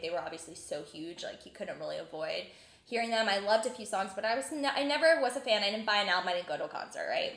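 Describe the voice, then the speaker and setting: A young woman from New Jersey hosting a casual chat, animated and full of filler words. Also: medium pitch. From New Jersey, USA. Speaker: podcast host. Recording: roomy echoing room.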